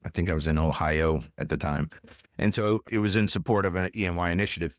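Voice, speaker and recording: A man hosting a podcast interview, telling lively anecdotes in a casual way. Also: deep voice, fast talker, no room sound. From United States. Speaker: podcast host.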